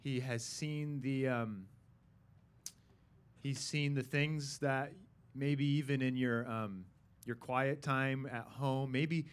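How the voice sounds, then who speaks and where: A man, the pastor, speaking earnestly and haltingly to his congregation. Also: mid-range voice, fairly even intonation, clean tone. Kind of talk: sermon.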